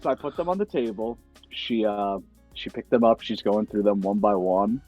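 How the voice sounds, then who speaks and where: A young man hosting a casual chat, telling lively anecdotes and acting out the voices of people he quotes. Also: lowish voice, moderate pace, no room sound, highs cut off, soft background music. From United States. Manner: animated storyteller, acts out quoted voices. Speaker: podcast host.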